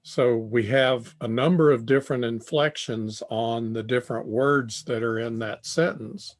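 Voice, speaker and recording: An older man giving a tutorial lecture on communication, speaking deliberately and repeating phrases as he thinks. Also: mid-range voice, steady tone. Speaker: tutorial presenter.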